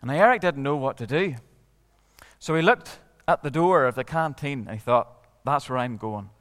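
Expressive Northern Irish storyteller man. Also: a little high, moderate pace, in a large hall. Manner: lively, expressive, with dramatic hushes. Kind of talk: telling a story to a live audience.

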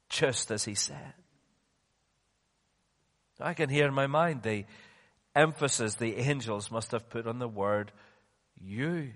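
A male preacher delivering a sermon, slow and emphatic, sinking to hushed tones and then rising again. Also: medium pitch. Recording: long reverb of a large hall.

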